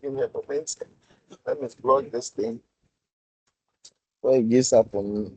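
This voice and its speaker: Halting man teaching an online class. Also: mid-range voice, a little mellow, husky, no room sound, rough recording. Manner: halting, repeats words, coaxing and teasing students. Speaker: programming instructor. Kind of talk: live online class lecture.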